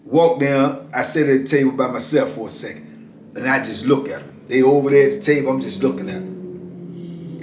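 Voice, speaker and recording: A middle-aged man, a former prisoner, telling a story in a blunt, streetwise, casual way. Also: fairly high pitch. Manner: blunt, streetwise, repeats "you know what I'm saying". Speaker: former prisoner and motivational speaker. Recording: echoey room.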